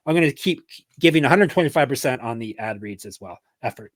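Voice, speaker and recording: An energetic man hosting a sports betting podcast, rattling through sponsor reads with a joking, self-deprecating streak. His mid-range voice sits close to the mic in a dry, deadened space with no room sound. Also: medium pitch, fast, no echo. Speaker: podcast host. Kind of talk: casual chat and ad reads.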